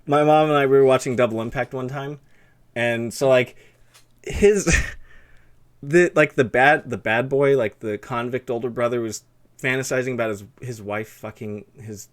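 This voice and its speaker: In a relaxed streamed conversation with his guest, a young male host with a lisp speaks in a mid-range voice at a moderate pace. He rambles freely and leans on lots of fillers.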